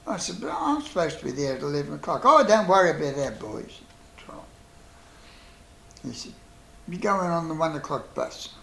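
In a slightly high, gravelly, somewhat bright voice, an aging veteran with a New Zealand accent tells oral-history tales from the war, acting out each side of the dialogue. His sing-song delivery moves at a moderate pace with frequent pauses, over a little hiss or hum and a roomy echo.

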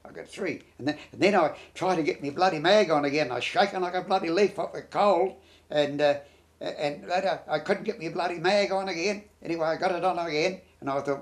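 Older New Zealand man, raised-pitch voice, blunt rambling recollection for an oral history. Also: a little fast. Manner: blunt, rambling, peppered with "bloody". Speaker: war veteran.

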